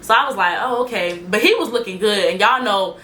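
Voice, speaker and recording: A woman's voice: medium pitch, expressive, fairly quick, pushed and bright. A young woman telling a story in casual chat, slangy and talking straight to her viewers. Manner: chatty, slangy, addresses viewers directly. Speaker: storyteller vlogger.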